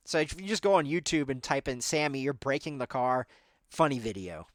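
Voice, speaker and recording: This podcast host, a man in his 30s, keeps the chat casual and rambling, leaning on lots of filler words. His mid-range voice is animated and moderately paced, and the recording is dry with clean studio sound.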